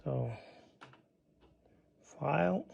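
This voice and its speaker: Gravelly Greek-accented man demoing slowly. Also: on the high side, expressive, a little mellow, muffled recording, slight background noise. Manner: narrates actions as he types, chuckling. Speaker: presenter. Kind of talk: live computer demo presentation.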